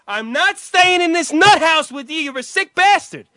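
Casting note: man playing an enraged shrill brother, sharp and lively, dry sound. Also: normal speed, dry recording, exaggerated voice. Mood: furious. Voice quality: shouting, high and strained. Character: enraged man shouting at his brother in a film scene.

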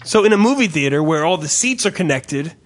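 A man telling a story in casual chat, profane and animated. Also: a little high, a little fast.

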